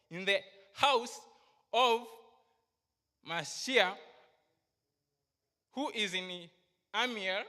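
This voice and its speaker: A woman preaching a sermon to a congregation, slow and emphatic, asking her listeners questions. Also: medium pitch, sharp tone, big-room sound. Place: church hall.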